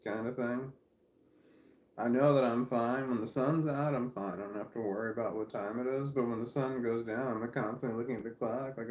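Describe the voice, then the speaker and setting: A man talks straight to the camera in a loose, meandering monologue at a middle pitch, often trailing off and circling back. His voice echoes around the room he's sitting in at home. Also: steady tone, brisk, darkish tone. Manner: candid, wandering, self-deprecating, often trailing off. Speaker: vlogger. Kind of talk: casual rambling monologue to camera. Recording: roomy echo.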